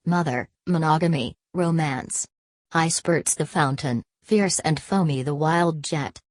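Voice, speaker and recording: A woman's voice: low-pitched, no echo, clean studio sound, exaggerated voice. A woman reading the lines of a cool, lofty male ruler who declaims to students, in an audiobook. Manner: declaiming, lecturing.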